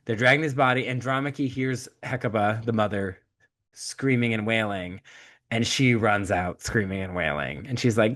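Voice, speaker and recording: A man co-hosting a podcast, retelling a story in casual chat, comic and profane, acting out the characters with quick shifts of voice. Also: on the low side, a bit bright. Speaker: podcast co-host.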